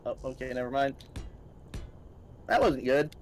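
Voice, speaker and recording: A man's voice: medium pitch, fairly even intonation, measured pace, a little hiss or hum. A man playing a game with friends, easygoing and laughing things off. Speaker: gaming co-player. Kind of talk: casual gaming chat.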